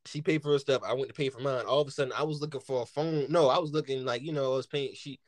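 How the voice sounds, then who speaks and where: A man's voice: mid-range voice, fast, no echo, studio quality. A man telling a casual story, rambling with constant filler words and acting out the lines he quotes. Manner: rambling, heavy use of "like" fillers; animated, acts out quoted lines.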